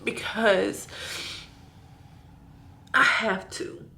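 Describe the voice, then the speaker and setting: A woman in her late twenties talks straight into her camera in a personal vlog, earnest and close to tears. Her voice is bright and forward, with a faint hiss of room noise under it. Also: medium pitch, drawn-out words, creaky. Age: 20s. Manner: emotional, speaking through tears; heartfelt and earnest. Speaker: vlogger.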